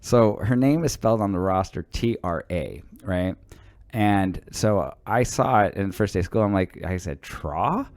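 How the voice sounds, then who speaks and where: A man with a low voice tells stories in a relaxed podcast chat, stumbling over his words and restarting often. His sound is close and dry, with no room echo. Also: moderate pace. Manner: storytelling, stammering restarts, swears casually. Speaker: podcast co-host; teacher. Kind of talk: casual chat.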